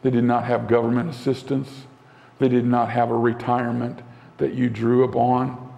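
A male pastor delivering a sermon in an earnest way, slowing down and dropping to a soft voice for emphasis. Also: medium pitch, little pitch movement, gravelly, lo-fi sound. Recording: long hall reverb.

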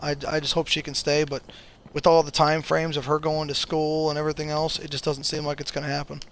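A man with a slightly high voice chats easily over a video game. He trash-talks his friend and yelps when he gets a kill. A faint hiss sits under the recording. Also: monotone, brisk. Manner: chatty, trash-talking, yelps when he scores. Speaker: gamer streaming with a friend. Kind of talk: casual gaming chat.

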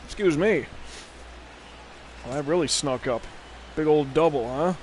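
A man's voice: a little high, a little slow, darkish tone, a little hiss or hum. Rambling, swearing man streaming a game. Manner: rambling, profane, drifting off on tangents. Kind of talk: casual gameplay commentary.

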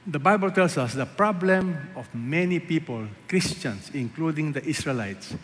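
A man preaching a sermon as a pastor, asking the congregation rhetorical questions and swinging between loud emphasis and hushed asides. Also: fairly high pitch, expressive, normal speed. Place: large church hall. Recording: echoey church hall, faint ambience.

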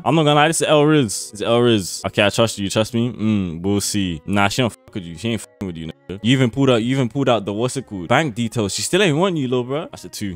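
A young man streams and reacts to chat messages, his talk slangy, full of swearing and mockery, with bursts of loud laughter. His voice is on the low side, and there's no room sound.

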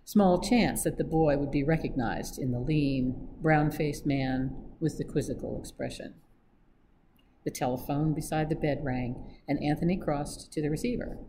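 A staff reader narrating a classic mystery novel aloud in a steady, measured way. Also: medium pitch, a little hiss or hum, poor audio. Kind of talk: audiobook reading.

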